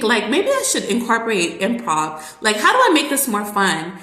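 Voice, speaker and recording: A woman who works as a teacher, talking in a casual, rambling vlog monologue full of fillers and lively asides. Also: mid-range voice, normal speed, noisy background. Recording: roomy echo.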